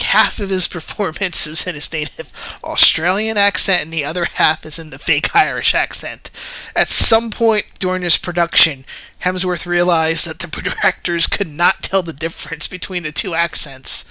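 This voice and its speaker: Bright, crisp-voiced man rambling through a review. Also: fairly high pitch, moderate pace, no room sound. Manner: rambling, self-correcting, often laughing. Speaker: film reviewer. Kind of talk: casual spoken movie review.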